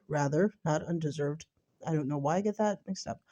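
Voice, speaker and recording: A woman's voice: lowish voice, lively intonation, normal speed, mellow. Groggy, blunt woman vlogger. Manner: blunt, frank, speaks straight to the viewer. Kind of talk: casual commentary and reading a news item aloud.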